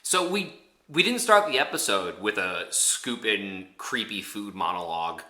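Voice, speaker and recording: Animated podcast co-host man, echoey room. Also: on the low side. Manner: animated, quick asides, many "like" fillers. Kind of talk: casual chat.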